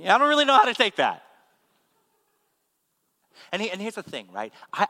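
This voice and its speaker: A man, a pastor, giving a sermon with animated, humorous storytelling. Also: medium pitch. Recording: long hall reverb.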